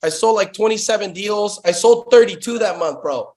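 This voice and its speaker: Man, high voice, excitable storyteller, slangy, swears, Bluetooth call. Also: moderate pace. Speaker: guest, sales founder. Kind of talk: casual storytelling interview. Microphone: Bluetooth headset on a call.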